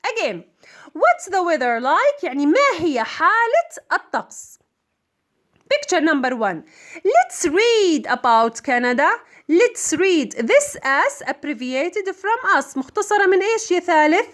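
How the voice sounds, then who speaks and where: Woman teacher, really high lively voice, drills words over and over, asks then answers herself. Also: moderate pace. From Jordan. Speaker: English teacher. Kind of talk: bilingual classroom lesson.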